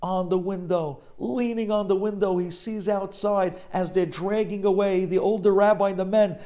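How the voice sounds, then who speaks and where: A man's voice: high voice, fairly even intonation, moderate pace, hardly any pauses, dark tone. A man, a rabbi, telling an inspirational story in a dramatic sermon.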